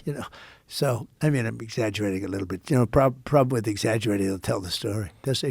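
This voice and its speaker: A man's voice: mid-range voice, a little fast, vocal fry, slightly rough, no echo. A man in his seventies from the United States, a podcast guest telling a long story in a rambling, repetitive way full of superlatives. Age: 70s. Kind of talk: casual storytelling in a podcast interview.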